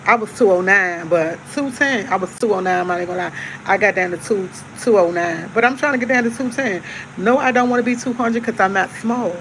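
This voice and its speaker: A woman's voice: mid-range voice, fairly quick, fairly bright tone, a little hiss or hum, rough recording. A woman hosting a casual live stream, chatting easygoingly to her viewers and repeating herself. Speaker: livestream host. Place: at home with coffee.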